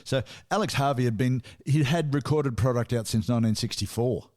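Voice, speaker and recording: A man's voice: mid-range voice, brisk, a little mellow. A man co-hosting a casual music podcast, chatty and storytelling, with asides and laughs. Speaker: podcast co-host.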